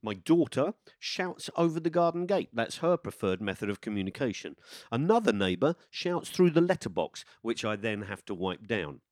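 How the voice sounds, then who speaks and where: A man's voice: medium pitch, sing-song, moderate pace, a little mellow, dry recording, clean studio sound. A man presenting and narrating a documentary in a scripted, enthusiastic way.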